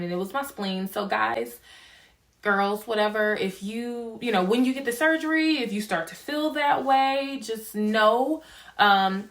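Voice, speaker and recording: A woman's voice: mid-range voice, fairly bright tone. Young woman vlogger, casual chatty storyteller, acts out dialogue, laughs a lot. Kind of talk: casual chat to camera.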